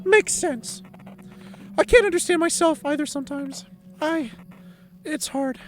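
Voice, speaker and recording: A man voicing an anxious, overachieving female student in a high put-on voice, reading game dialogue aloud. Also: measured pace, soft background music. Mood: subdued.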